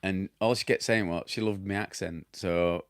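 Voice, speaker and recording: A man's voice: low voice, fairly even intonation, normal speed, no room sound, studio quality. A middle-aged man with a broad Yorkshire accent, chatting casually as he answers viewer questions, rambling, laughing at himself and losing his thread. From Yorkshire, England. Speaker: damp specialist and former plasterer answering viewer questions. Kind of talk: casual chat.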